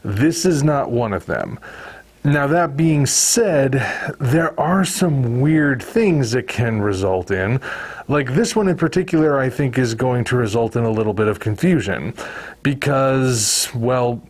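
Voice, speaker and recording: A man's voice: medium pitch, animated, a little slow, darkish tone. A man giving a casual, musing commentary review, talking in a chatty way with wry asides. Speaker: video reviewer.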